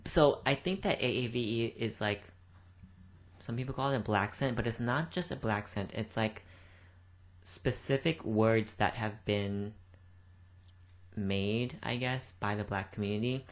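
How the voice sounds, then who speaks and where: A woman's voice: extremely low pitch, measured pace. A young woman co-hosting a podcast, chatting casually in a rambling way and swearing freely. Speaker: podcast co-host. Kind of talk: casual chat.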